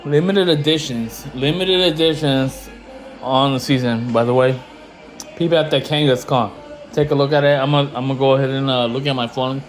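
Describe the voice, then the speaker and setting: A man ranting casually to camera in slangy, profane talk, getting louder when he is indignant. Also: medium pitch, moderate pace, faint music behind, poor audio. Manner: slangy, animated, swears freely; rising loud when indignant. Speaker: investing vlogger.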